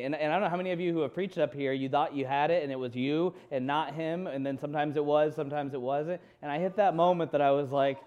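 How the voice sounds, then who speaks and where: A man's voice: a little high, fast, few pauses, darkish tone, clean tone, muffled recording. A man in his thirties preaching a sermon, telling a personal story candidly and quoting his own inner dialogue. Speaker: pastor.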